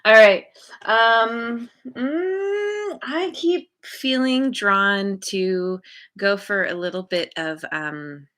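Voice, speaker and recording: A woman giving an intuitive tarot reading to her viewers, gentle and encouraging, often pausing to search for words. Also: on the high side, animated. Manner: encouraging, spiritual. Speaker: tarot card reader.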